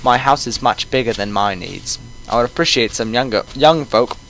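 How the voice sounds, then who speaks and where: A kindly old landlord speaks in a put-on British accent, unhurried and courteous, voiced by a man. His voice sits at an ordinary middle pitch for a man. He talks in an old-fashioned, polite manner. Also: a bit bright, a little hiss or hum, close to an everyday voice, low-quality recording.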